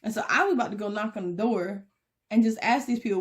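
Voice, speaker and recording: Chatty Southern woman telling a story. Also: fast. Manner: chatty, animated, mimics beeping sounds in squeaky bursts. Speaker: craft vlogger. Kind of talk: casual storytime while crafting.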